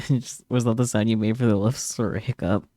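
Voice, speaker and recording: Wry, low-voiced male streamer. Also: fast talker, no room sound, clean studio sound. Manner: relaxed, wry, laughs with friends. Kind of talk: casual chat while reading a game aloud. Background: game music.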